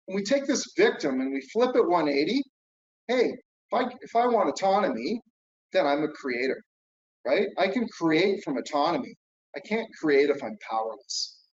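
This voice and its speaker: Speaking in a slightly high, darkish voice, a middle-aged man delivers a coaching-style conference keynote and keeps checking in with "right?" and "okay?". The hall is echoey and the audio dull and lo-fi.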